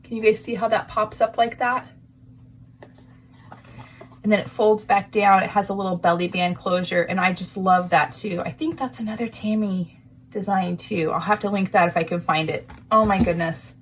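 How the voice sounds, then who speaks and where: A woman's voice: mid-range voice, fairly even intonation, moderate pace, slight background noise. A woman hosting a crafting vlog, gushing with emotion and near tears as she shows off handmade gifts to the camera. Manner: gushing, sentimental, breathy asides. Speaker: crafting channel host.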